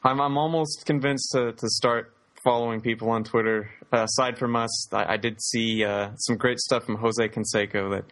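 A man's voice: medium pitch, fairly even intonation, normal speed, few pauses, a bit bright. A man co-hosting a casual podcast chat. He is easygoing and agreeable, and he laughs along. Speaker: podcast co-host.

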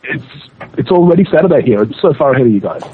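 A man from Australia, joining a podcast as a guest and joking in a quick, animated way. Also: medium pitch, a little hiss or hum. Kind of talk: casual chat over a call. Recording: dull, lo-fi call audio.

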